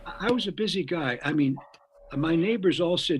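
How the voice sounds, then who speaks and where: A man's voice: a little high, lively intonation, moderate pace, slight background noise, low-quality recording. An older man, a guest musician, telling a long story in a rambling way. He repeats words as he goes and acts out the voices of the people he quotes. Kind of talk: anecdotal storytelling.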